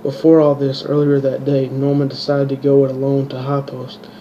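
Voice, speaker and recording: A man reading his own fantasy story aloud, halting and restarting words, in a dull lo-fi home recording. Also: medium pitch, monotone, mellow, slight background noise. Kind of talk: amateur audiobook reading.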